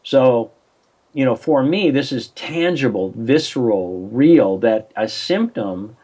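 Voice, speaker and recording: A man's voice: mid-range voice, animated, slow, a little mellow. An older man, a coach and interview guest, telling a story over a remote call in a rambling way, with many restarts and acted-out phone voices.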